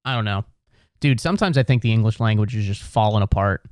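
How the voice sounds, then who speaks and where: A man from Ohio riffing through a solo comedy podcast, rambling and swearing freely as he circles back on his own sentences. His voice is smooth and clear, recorded close and dry with no room sound. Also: fairly low pitch, animated, quick pace, a little mellow, no echo. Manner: rambling, profane, full of restarts. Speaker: podcast host.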